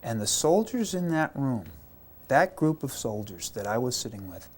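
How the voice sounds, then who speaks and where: A man, an army chaplain, telling war stories in an interview, animated and repeating words as he acts out quotes. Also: medium pitch, normal speed.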